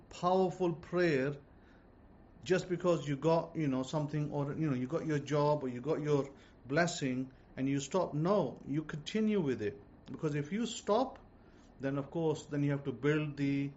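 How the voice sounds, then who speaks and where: A man giving informal religious teaching, repeating himself and speaking slowly and deliberately. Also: on the high side, darkish tone. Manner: repetitive, slow and deliberate when dictating words. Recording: dull lo-fi audio with faint noise.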